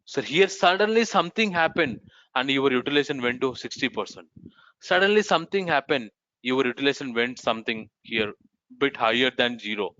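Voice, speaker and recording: A man's voice: medium pitch, fairly quick, bright, forceful tone, dry recording. A man teaching a live online course, answering students and calling them sir and ma'am. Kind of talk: live class Q&A. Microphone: video call. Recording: muffled online meeting audio.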